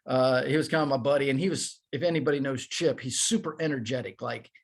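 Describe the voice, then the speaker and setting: A man in his fifties, a former baseball player, telling animated, self-deprecating stories as a podcast guest. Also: mid-range voice, fast, creaky, slightly rough. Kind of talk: casual storytelling.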